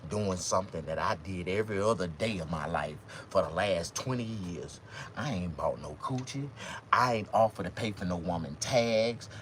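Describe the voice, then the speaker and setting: A man doing a stand-up comedy monologue, jumping his voice high when quoting women. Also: a little hiss or hum. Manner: animated, swings pitch high for quoted women.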